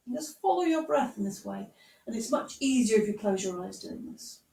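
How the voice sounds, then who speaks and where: A woman guiding a yoga class with gentle, encouraging, unhurried instructions. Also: mid-range voice, expressive, gravelly. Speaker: yoga teacher. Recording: echoey room, voice from far off.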